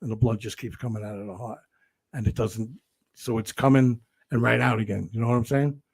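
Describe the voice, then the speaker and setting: An older man, a guest telling stories in a casual interview, animated and profane, acting out what people said. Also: mid-range voice, a little fast, vocal fry, breathy edge. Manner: animated, profane storyteller who acts out quotes.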